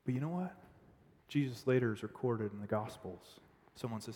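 A man preaching a sermon as pastor, dramatic, swinging between loud outbursts and hushed near-whispers. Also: mid-range voice, brisk, long reverb tail, slight background noise.

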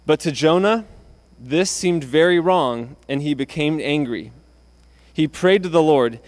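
Conversational preaching man, slightly high voice. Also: measured pace. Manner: conversational preaching with restarts, acting out quotes. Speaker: pastor. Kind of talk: sermon.

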